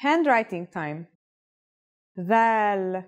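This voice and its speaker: A woman presenting a scripted language lesson in a clear, upbeat teaching manner. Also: mid-range voice, lively intonation, very slow, dull audio. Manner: clear, upbeat instructional delivery.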